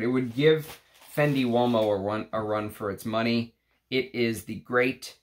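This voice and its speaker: A man's voice: mid-range voice, fairly bright tone. A man with a Texas accent hosting a casual perfume unboxing vlog, rambling and talking to the bottles. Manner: slow, rambling, talks to the bottles. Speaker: perfume channel host.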